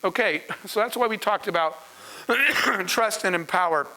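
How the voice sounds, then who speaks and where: High, bright-voiced man telling a business story. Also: unhurried, low-quality recording. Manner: animated storyteller, acts out quoted voices. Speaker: entrepreneur giving a masterclass. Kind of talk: storytelling lecture to an audience.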